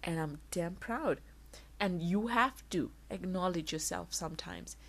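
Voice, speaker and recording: A young woman vlogging candidly, telling an emotional personal story in quick, animated bursts. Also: fairly low pitch, vocal fry. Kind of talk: casual vlog monologue.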